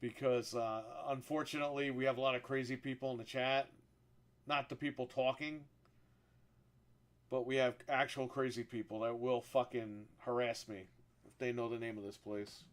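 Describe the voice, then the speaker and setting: A man streaming live, chatting casually about his console setup. He rambles, swears freely and gets animated when he tells a story. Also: mid-range voice, normal speed. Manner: profane, rambling and animated when telling stories.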